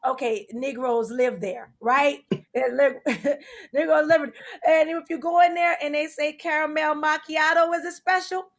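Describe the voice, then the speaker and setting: High voiced new orleans lady hosting stand-up, lively and laughing a lot. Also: a little slow. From New Orleans, Louisiana. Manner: animated, laughing through jokes. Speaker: comedy show host.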